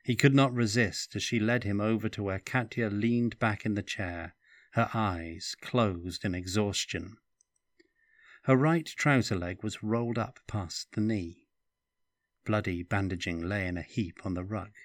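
Slow, low-voiced male narrator. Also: dry recording, studio quality. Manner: slow, even reading. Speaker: audiobook narrator. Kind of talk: scripted narration.

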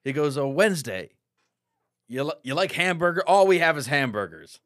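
Deadpan man telling crude jokes. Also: on the high side, normal speed, no echo, clean studio sound. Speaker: podcast co-host.

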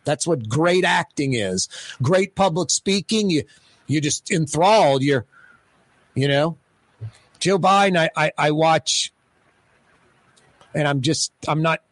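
Male radio host, slightly high voice, dry close studio sound, rambling casual talk, stammering restarts. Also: takes it slowly, long pauses, dry recording. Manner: rambling, animated, repeats himself with stammered restarts.

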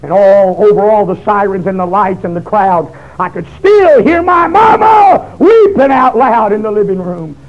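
A man, giving a fiery testimony sermon that swings into shouted, pleading bursts. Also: high-pitched, lively intonation, normal speed, few pauses, highs cut off, a faint crowd.

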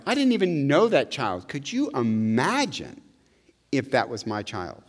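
A middle-aged male pastor preaching a conversational, animated sermon, often checking in with "right?". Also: medium pitch, measured pace. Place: church sanctuary. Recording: long hall reverb.

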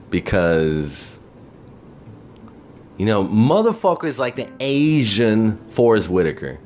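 A man's voice: fairly low pitch, slow pace, long pauses, slight background noise. A man telling a profane, exasperated story about his job in a casual rant, acting out the people he quotes. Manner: animated, mimics people in quotes.

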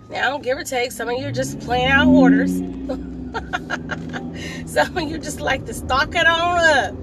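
Woman vlogger, high voice, sassy and scolding in a casual rant from her car, music in the background. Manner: sassy, scolding, laughs often. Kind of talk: casual opinion monologue. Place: in a car while driving.

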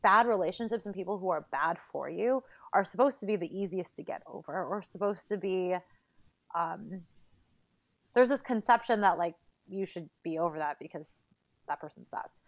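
A woman's voice: on the low side, normal speed. A young woman chatting casually as a podcast guest, pregnant and tired, talking with lots of fillers and laughter. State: pregnant, tired and a bit out of breath.

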